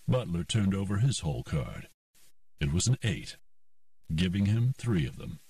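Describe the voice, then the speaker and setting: Deep male audiobook narrator, slow and expressive, dry slightly distant recording. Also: no echo. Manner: steady, unhurried storytelling. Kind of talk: scripted narration.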